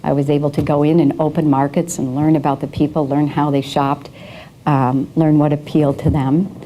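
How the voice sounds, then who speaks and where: A woman's voice: low voice, level tone, normal speed, mellow, a little hiss or hum, low-quality recording. A middle-aged woman giving a leadership talk at a breakfast event, telling her career story with fillers and restarts and laughing at her own anecdotes. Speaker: guest speaker. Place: event room.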